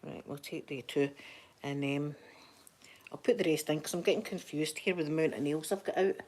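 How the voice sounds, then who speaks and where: A Scottish woman chatting softly for a live ASMR stream, easy and rambling, slipping now and then into whispers, close to the microphone. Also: sits low, a little fast. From Scotland. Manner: soft-spoken, chatty, drifting into whispers. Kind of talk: soft-spoken ASMR chat.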